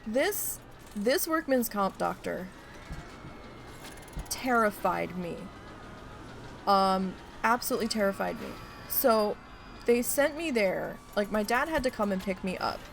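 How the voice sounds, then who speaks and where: Gravelly woman ranting while gaming. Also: medium pitch, a little hiss or hum. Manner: swearing, animated retelling, exasperated. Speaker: streamer playing a park-building game. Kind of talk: casual storytelling while gaming.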